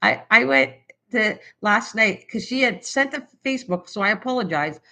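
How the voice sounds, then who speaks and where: A woman's voice: mid-range voice, animated, moderate pace, bright, forceful tone. Chatty older Canadian woman, rambling. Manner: rambling, chatty, many fillers and restarts. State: hyper and excited. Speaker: craft channel host. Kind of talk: casual live-stream chat.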